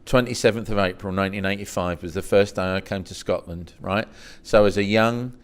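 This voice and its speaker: A middle-aged English man with a fairly low voice tells stories from his past in a relaxed interview. He acts out the dialogue, his voice leaping up in pitch for his own quoted lines. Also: brisk, clear, resonant tone. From England. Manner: animated anecdotes, swooping up high when quoting himself. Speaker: podcast guest. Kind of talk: storytelling in a casual interview.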